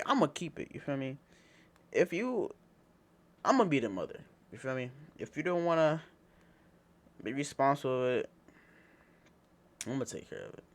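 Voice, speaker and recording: A young man reacting to a video in casual chat, with loud laughing outbursts and profane banter. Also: on the high side.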